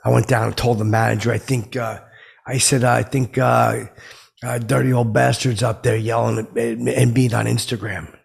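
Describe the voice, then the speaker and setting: A man playing a touchy, self-important middle-aged man who rambles indignantly in a comic monologue with a gravelly, husky voice. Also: mid-range voice, little pitch movement, moderate pace.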